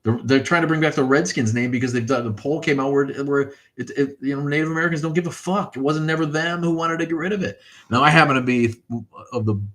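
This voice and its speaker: A man's voice: fairly high pitch, fast, fairly bright tone. Profane, rambling middle-aged man. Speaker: livestream host. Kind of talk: casual livestream chat reading viewer comments.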